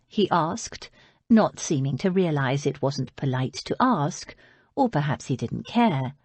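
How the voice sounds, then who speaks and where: Audiobook narrator, woman: low, husky, lively expressive reading, dry close mic. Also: unhurried, dry recording. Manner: expressive storytelling. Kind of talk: scripted narration.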